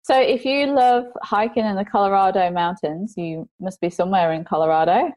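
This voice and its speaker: A woman hosting a podcast, telling lively stories and laughing easily. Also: mid-range voice, moderate pace. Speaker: podcast host. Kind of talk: casual interview chat. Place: lives in Australia.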